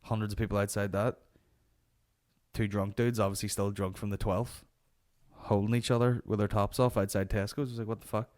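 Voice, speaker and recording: Swearing podcast host. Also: male voice, lowish voice, little pitch movement, brisk, darkish tone. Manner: profane, rambling anecdotes. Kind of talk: comic storytelling.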